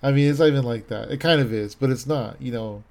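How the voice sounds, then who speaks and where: A man in his thirties talks in a loose, rambling way, piling up fillers and restarts. His voice is mellow and dark in tone, and his enthusiasm comes through as he chats casually. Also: mid-range voice, fast talker, gravelly. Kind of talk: casual chat.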